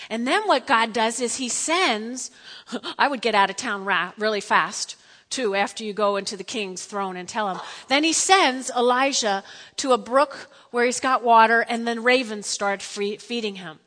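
Bright-voiced woman teaching Bible in a hall. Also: fairly high pitch, expressive, a little slow. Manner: chatty and playful, with asides and laughs.

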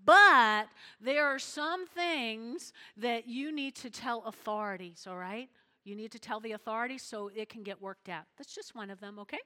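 A woman's voice: fairly high pitch, normal speed, bright, forceful tone, big-room sound. A woman preaching a chatty sermon, checking in with her listeners often. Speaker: pastor's wife, preacher.

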